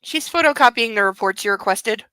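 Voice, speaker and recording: A nervous female office assistant speaks carefully and politely to her boss, as a reader voices her. Her voice is bright and fairly high, dry and close to the mic. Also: expressive, a little fast, dry recording. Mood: wary.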